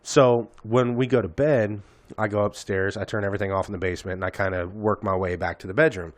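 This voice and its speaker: A man's voice: fairly low pitch, fairly even intonation, brisk, no room sound. A man in his thirties, a podcast host telling a profane, rambling story in casual chat.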